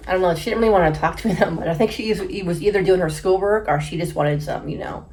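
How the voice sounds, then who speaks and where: A woman in her thirties from the Bay Area, casually telling a story while she eats, chatty and quick to laugh. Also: fairly low pitch, a little hiss or hum. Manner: chatty, laughs often, acts out quotes loudly. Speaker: mukbang host.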